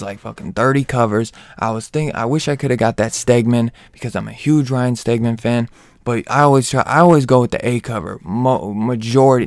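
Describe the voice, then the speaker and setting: A man's voice: medium pitch, darkish tone, clear, resonant tone, no echo, studio quality. A man giving a casual comic book spoiler review, slangy and profane, hyped up and rambling with lots of restarts.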